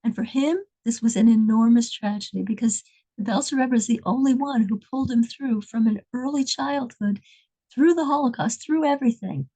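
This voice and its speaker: High-voiced woman, earnest religious storyteller, halting delivery. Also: dark tone, low-quality recording. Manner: earnest, halting with many restarts.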